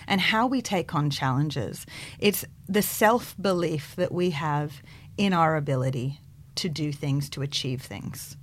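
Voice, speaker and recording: A woman in her thirties, a clinical psychologist, explaining her views animatedly in a radio interview. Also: low-pitched. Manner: animated, acts out quotes in bright voices.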